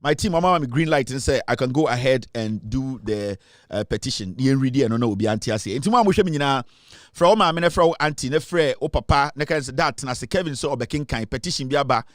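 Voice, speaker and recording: A man with a Ghanaian accent hosting a casual show, talking with animated, playful banter. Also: medium pitch, quick pace, no echo, studio quality. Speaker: show host. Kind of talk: casual show talk, mixing English and Twi.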